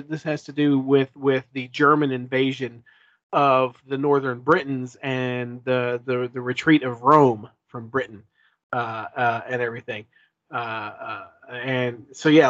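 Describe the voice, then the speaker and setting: A man's voice: medium pitch, fairly bright tone, no room sound. A man chatting casually as a podcast co-host, rambling with lots of fillers and restarts. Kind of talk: casual chat. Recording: dull lo-fi sound.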